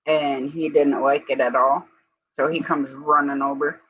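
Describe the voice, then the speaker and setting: A woman's voice: extremely low pitch, level tone, unhurried, a little hiss or hum. A woman co-hosting a live stream in a casual, rambling chat, breaking off now and then to give commands to her dog. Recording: dull lo-fi stream audio.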